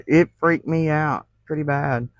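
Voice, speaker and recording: A woman's voice: sits low, slow pace, no room sound, low-quality recording. A woman, hosting a crafting livestream and telling folksy stories with frequent laughter. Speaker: crafting channel host. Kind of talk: casual livestream storytelling.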